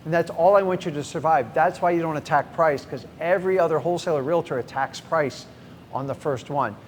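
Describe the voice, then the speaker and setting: A middle-aged man, a real estate coach, teaching a live seminar with energy and speaking straight to the audience. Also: a little fast. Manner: energetic, talks straight to the crowd. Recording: reverberant hall, faint rumble.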